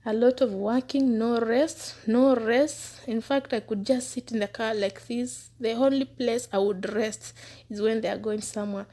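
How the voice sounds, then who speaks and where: A woman with a slightly raised pitch speaks in an earnest, casual testimony. She circles back over her words for emphasis and now and then drops to a hushed aside. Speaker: former housemaid telling her experience. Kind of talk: personal testimony, casual storytelling.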